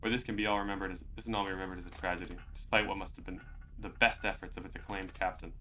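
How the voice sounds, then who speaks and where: A man reading a game's lines aloud as a bitter crew member who blames the captain, in a quiet, low voice. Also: fairly even intonation, very fast, a little hiss or hum, rough recording. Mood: accusing. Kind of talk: reading game dialogue aloud.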